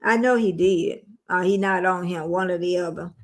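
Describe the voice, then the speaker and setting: A woman's voice: on the low side, normal speed. A woman, chatting casually with viewers on a phone livestream, rambling and calling them y'all. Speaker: livestream host.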